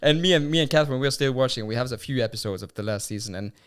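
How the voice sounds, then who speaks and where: Laughing man co-hosting a podcast chat, mid pitch, lots of fillers. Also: rapid-fire, a bit bright, clear, resonant tone. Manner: chatty, laughs often, many fillers. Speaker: podcast co-host. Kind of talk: casual chat.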